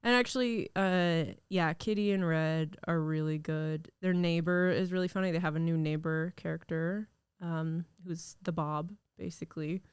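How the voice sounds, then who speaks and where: A woman's voice: on the low side, steady tone, normal speed, hardly any pauses, clear, resonant tone, no room sound. A young woman hosting a podcast, chatting casually and rambling with lots of fillers, recorded in a studio. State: recovering from illness. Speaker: podcast host. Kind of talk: casual solo podcast chat.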